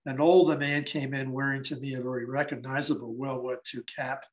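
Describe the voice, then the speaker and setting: A man's voice: mid-range voice, flat delivery, brisk, poor audio. A man in his eighties, a guest speaker at a library event, telling stories conversationally and acting out the dialogue. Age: 80s. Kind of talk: storytelling talk.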